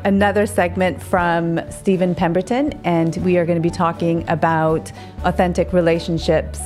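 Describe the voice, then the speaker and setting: A woman's voice: on the low side, darkish tone. A woman from Pakistan co-hosting a podcast, easygoing and giggly in casual chat. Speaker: podcast co-host.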